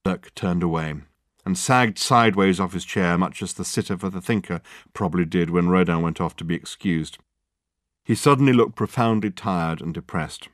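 A male audiobook narrator reads a novel in scripted narration, measured and wry in his storytelling. His voice is low, and the recording is a clean studio one with no echo.

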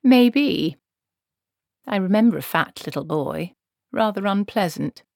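Narrator puts on an old bossy witch, brisk and snappish, pushed up high; dry room. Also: lively intonation, gravelly, a little mellow, dry recording.

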